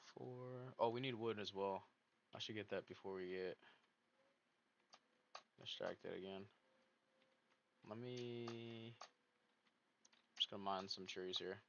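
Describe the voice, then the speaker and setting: A man's voice: fairly low pitch, fairly even intonation, takes it slowly, gravelly, pauses often, fairly bright tone. A man thinking aloud as he hosts casual gameplay commentary, rambling and poking fun at himself. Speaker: gaming video host. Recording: dull lo-fi mic with faint noise.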